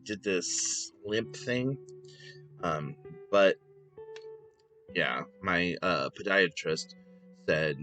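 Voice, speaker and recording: A soft-spoken man in his thirties chatting casually as a vlogger, hesitant and full of fillers and restarts. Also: sits low. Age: 30s. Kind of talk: casual chat to camera.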